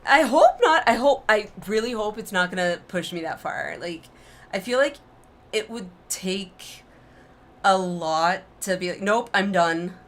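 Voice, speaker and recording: A young adult woman streaming a game, reacting out loud and talking herself through tense moments. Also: medium pitch, expressive, unhurried. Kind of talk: emotional let's-play reaction.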